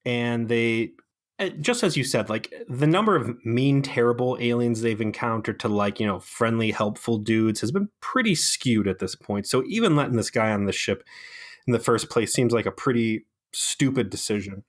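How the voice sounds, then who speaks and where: A man's voice: medium pitch, expressive, normal speed. A man co-hosting a podcast, rambling sarcastically with plenty of fillers in casual chat. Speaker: podcast co-host.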